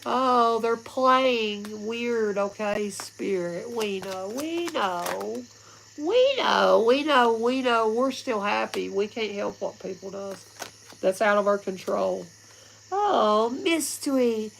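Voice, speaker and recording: Gravelly slow-talking woman reading tarot. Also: mid-range voice, animated, a little hiss or hum, poor audio. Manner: rambling and giggly, laughs often; blunt, swears casually. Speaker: tarot reader. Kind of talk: casual livestream tarot reading.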